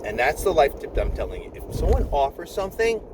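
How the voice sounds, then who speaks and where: A man's voice: fairly high pitch, big pitch swings, quick pace, noisy background. A nurse in his fifties tells a rambling work story, with many restarts and chuckles. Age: 50s. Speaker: nurse vlogger.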